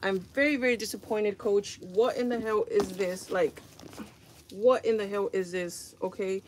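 A woman's voice: mid-range voice, steady tone, normal speed, background noise. Exasperated woman vlogger sighing a lot. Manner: exasperated, rambling, sighs often. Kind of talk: casual product review vlog. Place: at home.

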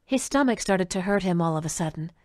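Woman doing a young waitress, husky, polite, nervous, dry audiobook. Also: fairly low pitch, expressive, brisk, a little mellow, no echo, close to an everyday voice.

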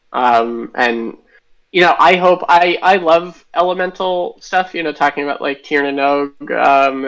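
Guest game designer, male, mid-pitched, eager and musing as he talks. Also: a bit bright, poor audio. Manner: enthusiastic, thinks aloud with tangents. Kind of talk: interview answers.

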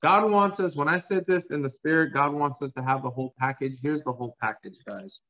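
In church, a pastor preaches passionately, repeating phrases and calling on the congregation to answer back. His fairly high voice is brisk, pushed, and bright, and the recording sounds dull and lo-fi.

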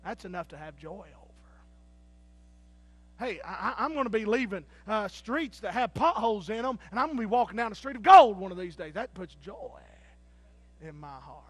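A man preaching a Baptist sermon from the pulpit with a strikingly high voice. He tells his stories by acting out the people in them and bursts into shouted, jubilant praise. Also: animated, moderate pace, no echo. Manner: acts out the characters in his stories. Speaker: pastor. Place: church sanctuary.

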